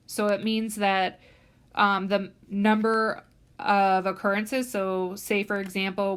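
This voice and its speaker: A statistics instructor delivers a recorded lecture in a smooth, fairly bright mid-range voice. She explains things with lots of "um" fillers and puts stress on key words.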